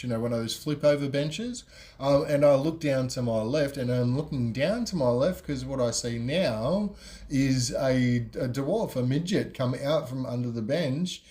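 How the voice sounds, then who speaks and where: A middle-aged man hosts a podcast and tells a long, rambling story. He talks casually, with plenty of ums and you-knows. His voice sits at an ordinary middle pitch. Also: darkish tone. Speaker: podcast host.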